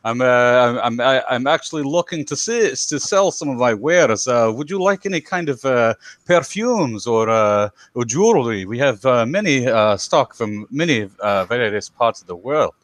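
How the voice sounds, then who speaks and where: A man voicing a gaudy, pushy male dwarf merchant with a put-on Russian accent and halting, flattering sales talk. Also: medium pitch, no room sound, lightly acted. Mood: salesy.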